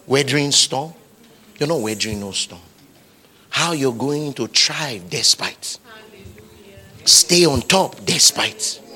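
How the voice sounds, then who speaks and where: Husky, lively preaching man with bright voice. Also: fairly high pitch. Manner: preaching with rising shouted climaxes and repetition. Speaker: pastor. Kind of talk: sermon.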